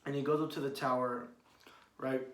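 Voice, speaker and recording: A man's voice: mid-range voice, moderate pace. Rambling, foul-mouthed man reviewing manga. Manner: rambling, excitable, swears freely, many restarts. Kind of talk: casual spoken review.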